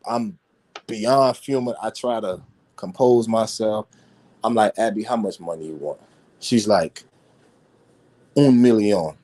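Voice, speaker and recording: A man telling a personal story in casual conversation, animated and slangy, swearing and repeating words as he goes. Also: fairly low pitch.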